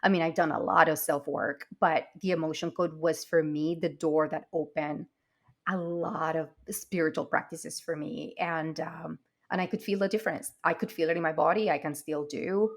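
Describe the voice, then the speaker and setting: A woman's voice: deep voice, fairly even intonation, moderate pace. A woman who is a podcast guest, talking reflectively and personally about her own inner work. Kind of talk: podcast interview conversation.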